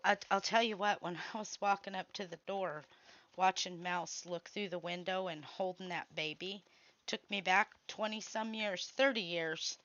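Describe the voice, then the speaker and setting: Expressive woman, sentimental and exclaiming. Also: lowish voice, normal speed, dry recording. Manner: expressive, emotional, exclaims while working. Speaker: crafting livestream co-host. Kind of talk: casual chat with a sibling on a livestream. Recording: dry, slightly dull home stream audio.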